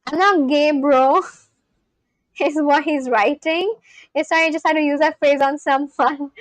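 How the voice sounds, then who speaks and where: A woman with a high, bright-pitched voice hosts a casual live stream, talking freely and reading chat messages aloud. She is easygoing and laughs often. The sound is close and dry, with no room around it. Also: dry recording, rough recording. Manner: chatty, reads out and answers chat, laughs often.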